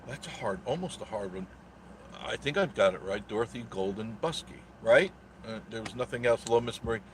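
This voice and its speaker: A man's voice: mid-range voice, fairly quick, slight background noise. A man hosting a casual live stream, telling a rambling story with a sarcastic edge and greeting viewers in the chat.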